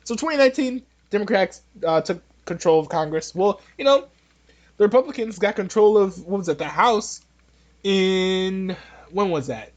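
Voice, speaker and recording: Man, podcast host, high pitched voice, rambling, joking, casual opinion talk. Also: expressive, moderate pace, lo-fi sound. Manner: rambling, joking, many restarts.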